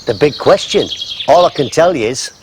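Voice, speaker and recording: A man's voice: on the high side, expressive, normal speed, noisy background, close to an everyday voice. A man playing an earnest storyteller. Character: ordinary middle-aged man, earnest and puzzled. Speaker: local man telling a story. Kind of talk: sitcom acting.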